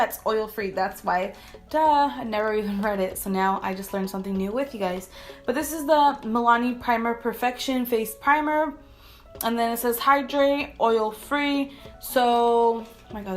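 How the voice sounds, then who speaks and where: Chatty young woman vlogger, rambling. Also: fairly high pitch. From California. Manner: chatty, rambling, repeats "really, really". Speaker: beauty vlogger. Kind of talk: casual makeup review vlog. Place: her bedroom, seated at a makeup setup.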